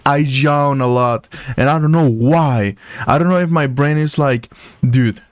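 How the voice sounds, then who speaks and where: A man's voice: fairly high pitch, unhurried, no echo, studio quality. A man hosting a reaction video, chatting casually and rambling with jokes and frequent laughter. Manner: rambling, joking, laughs often. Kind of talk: casual chat.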